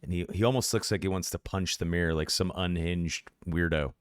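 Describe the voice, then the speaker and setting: Deep-voiced man narrating his character. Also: fairly even intonation, a little fast, clear, resonant tone, dry recording, studio quality. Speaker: player.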